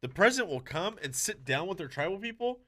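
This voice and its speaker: A man's voice: high-pitched, sing-song, fast, bright, forceful tone. A man hosting a podcast, telling a rambling story in casual chat, full of "dude" and "like.". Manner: rambling, restarts often, says "dude" and "like".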